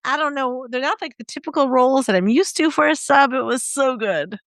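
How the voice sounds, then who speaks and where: A woman's voice: high voice, fairly quick, fairly bright tone, no echo, clean studio sound. A middle-aged woman co-hosting a podcast, chatting with enthusiasm and laughing often. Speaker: podcast co-host. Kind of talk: casual chat.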